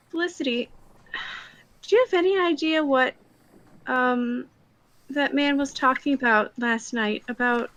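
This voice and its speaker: A woman's voice: sits high, fairly bright tone, no echo, low-quality recording. A woman speaking in character as a player in a tabletop game, polite and chatty. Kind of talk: in-character tabletop role-play.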